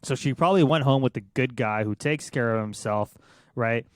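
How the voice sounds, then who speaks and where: A man's voice: medium pitch, normal speed, no room sound. A young man co-hosting a casual podcast, offering crude, opinionated banter. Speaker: podcast co-host. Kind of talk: casual chat.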